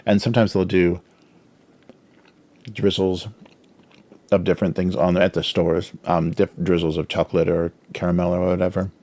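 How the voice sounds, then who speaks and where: A man's voice: sits low, little pitch movement, moderate pace, long pauses, a little mellow. A man hosting a casual drawing livestream, rambling with many fillers and talking with his mouth full as he snacks. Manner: filler-heavy, chuckles often. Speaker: livestream host, cartoonist.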